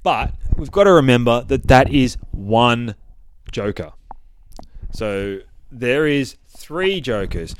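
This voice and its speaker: A man's voice: mid-range voice, expressive, slow pace, clear, resonant tone. A man hosting a podcast, casually recapping a comic book in a rambling, profane way. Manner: profane, rambling, acts out characters' lines. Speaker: podcast host.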